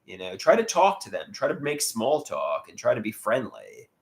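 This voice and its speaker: A man's voice: mid-range voice, huge pitch swings, normal speed. A man hosting a casual livestream, reading viewer comments aloud and answering them, often repeating words and restarting as he goes. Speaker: livestream host.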